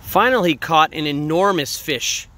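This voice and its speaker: Bright-voiced man reading a picture book aloud. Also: fairly high pitch. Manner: dramatic, drawn-out emphasis on big words. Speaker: reader. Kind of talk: storybook read-aloud.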